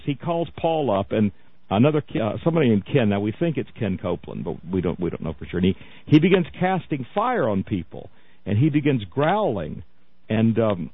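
A man hosting a radio talk show, chatty and mocking, often laughing as he tells a story. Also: mid-range voice. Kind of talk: casual radio commentary. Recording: tinny phone-like radio audio.

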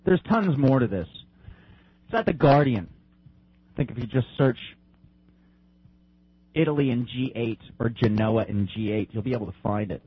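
A man's voice: mid-range voice, normal speed, pauses often, slightly rough, dry recording. A man reading a news article aloud on a live stream, then breaking off to comment loosely with restarts. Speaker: online show host. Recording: dull lo-fi stream audio.

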